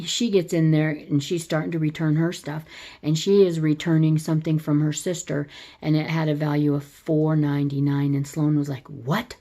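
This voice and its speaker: A woman's voice: low-pitched, mellow. A woman chatting through a casual movie recap, rambling and restarting her sentences and laughing as she retells scenes. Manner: rambling, with frequent restarts and self-corrections. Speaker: movie reviewer.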